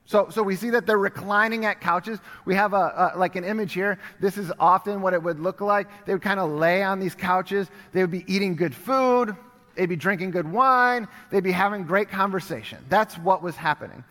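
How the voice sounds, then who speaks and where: A pastor delivers a sermon in a fairly high voice, telling a story and acting out bits of dialogue with casual asides. His voice rings with the long reverb of a large hall. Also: normal speed, fairly bright tone.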